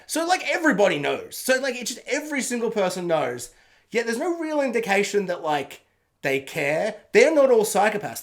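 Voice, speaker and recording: Lively film reviewer ranting. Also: medium pitch. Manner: animated, sarcastic, swears freely, laughs often. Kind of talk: ranting spoiler movie review.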